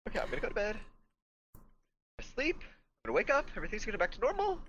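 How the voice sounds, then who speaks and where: A woman's voice: mid-range voice, wildly swooping pitch, racing, lo-fi sound, heavy background noise, voice pushed down. A woman playing a jittery paranoid teen boy. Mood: anxious. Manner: nervous, rambling, stammering repeats. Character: anxious teenage boy, paranoid, rambling.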